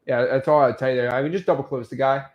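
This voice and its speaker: A man co-hosting a casual business show, telling lively stories and answering viewer questions. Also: lo-fi sound. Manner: animated storyteller, quick shifts in pitch.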